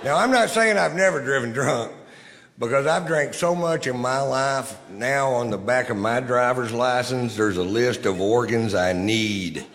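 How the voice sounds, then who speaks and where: A man doing a stand-up routine with a dry, deadpan delivery. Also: medium pitch, unhurried, big-room sound, over music. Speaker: stand-up comedian.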